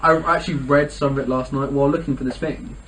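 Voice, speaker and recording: Fast-talking young man, rambling podcast chat. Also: medium pitch, steady tone, fairly bright tone. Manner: rambling, heavy use of "like", laughs often. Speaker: podcast co-host. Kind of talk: casual chat. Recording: distant mic with faint ambient noise.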